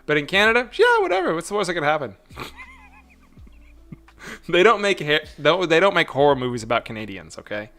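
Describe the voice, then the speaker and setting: A man's voice: on the high side, sing-song, fairly quick, long pauses, pushed and bright. A man hosting a casual livestream chat, rambling along and laughing often. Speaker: host.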